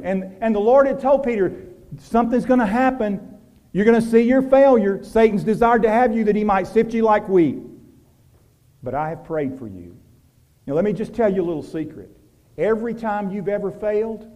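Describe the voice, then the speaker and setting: A pastor preaching a sermon, moving from loud urgent passages to hushed, quiet ones and asking the congregation direct questions. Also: male voice. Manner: preaching with wide swings from loud urgency to hushed, low intimacy.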